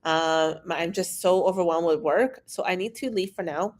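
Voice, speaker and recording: A woman with a lowish, slightly mellow voice speaks at a moderate pace. An Iranian immigration consultant, she reads viewer questions aloud and gives frank answers during a casual live-stream Q&A.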